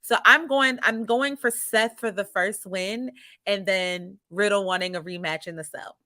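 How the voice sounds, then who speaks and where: Bright enthusiastic woman co-host. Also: medium pitch, no room sound. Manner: enthusiastic, quick to laugh. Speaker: podcast co-host. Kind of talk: casual wrestling podcast chat.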